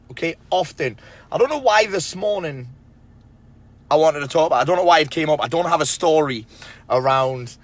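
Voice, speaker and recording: A casual motivational monologue from a men's self-help speaker whose voice is on the high side and a little bright. Facing the camera, he lays out tough-love advice for other men bluntly and emphatically, with plenty of swearing.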